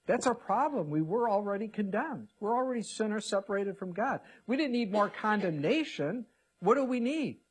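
A man preaching a sermon, reading scripture aloud and swinging from hushed asides to emphatic declarations. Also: sits high, breathy edge. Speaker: pastor.

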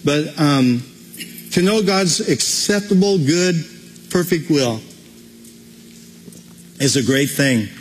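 A man's voice: fairly high pitch, lively intonation, slow, long pauses, slight background noise. A man preaching a conversational sermon as pastor, with frequent restarts. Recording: long hall reverb.

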